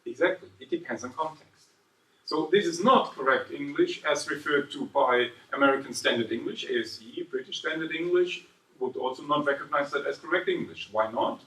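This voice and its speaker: A man with a fairly high voice, talking a little fast, lectures a seminar class at a university. He's from southern Germany, lively, and keeps quizzing the room, tacking on "right?". He's a few steps back from the mic, and his voice rings through the echoey hall.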